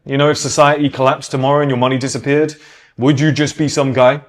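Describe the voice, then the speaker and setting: A British man holds forth in a loose, unscripted monologue, his voice sitting at an ordinary male pitch. He drives each point home with emphasis and casual swearing, and slips into the voices of people he quotes. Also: level tone, quick pace. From Britain. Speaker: podcast host.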